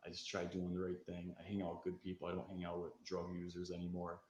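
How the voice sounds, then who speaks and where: A man telling a candid story about his past addiction and recovery, getting fired up and swearing as he acts out what was shouted. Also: deep voice, monotone, fast talker, echoey room, highs cut off, slight background noise.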